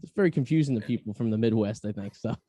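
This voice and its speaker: A man from the Boston area hosts a podcast and rambles quickly through his stories. His tone is warm and mellow. He is recorded dry and close. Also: on the low side, no echo. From Revere, Massachusetts. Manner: rambling, rapid, conversational. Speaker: podcast host. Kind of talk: casual podcast chat.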